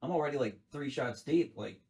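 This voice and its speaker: A man's voice: mid-range voice, lively intonation, a little fast, vocal fry, a little mellow. A man who works in a liquor store, telling stories in a casual chat and acting out his customers. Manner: storytelling, restarts, acts out customers. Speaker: liquor store worker guest.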